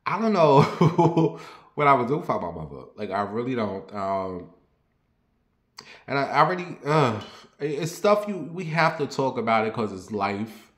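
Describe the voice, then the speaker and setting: A young man chatting candidly to his viewers, confiding and rambling, then lively and sassy when he tells a story. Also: medium pitch, moderate pace. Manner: turns lively and sassy when telling stories. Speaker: vlogger. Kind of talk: casual personal chat to camera. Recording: roomy echo.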